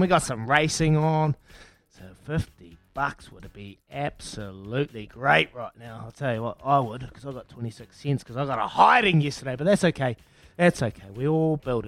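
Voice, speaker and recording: NZ breakfast radio host, slightly high, matey quizmaster, dry studio sound. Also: male voice, animated, normal speed, creaky, no echo, soft background music. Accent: New Zealand. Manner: chatty, matey banter, counting down answers. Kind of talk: casual breakfast radio quiz.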